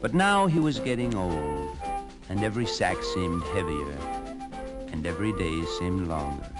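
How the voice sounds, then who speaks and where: A man narrating children's fairy tales on a storybook record in an animated, expressive way. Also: sits low, a little slow, loud music behind the voice.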